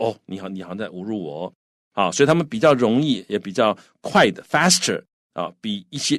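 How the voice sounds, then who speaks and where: A man teaching English, explaining and translating phrases slowly, with lots of repetition. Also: lowish voice, dry recording, studio quality. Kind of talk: bilingual language lesson.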